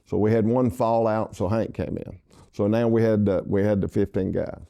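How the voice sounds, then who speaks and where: An older man, hosting a casual chat and telling an animated story. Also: fairly low pitch, moderate pace, gravelly. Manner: animated storyteller acting out other people's voices. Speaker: host.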